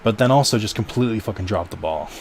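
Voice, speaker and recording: A man's voice: fairly low pitch, animated, fast talker. A man streaming a video game, rambling casually to his chat and swearing now and then. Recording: game music underneath.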